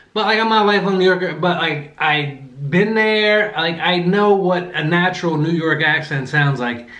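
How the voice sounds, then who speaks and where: A man's voice: fairly high pitch, fairly bright tone. Rambling man in an echoey room. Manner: rambling, with many fillers and self-corrections; eating between remarks. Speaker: vlogger reviewing a movie while eating. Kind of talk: casual chat.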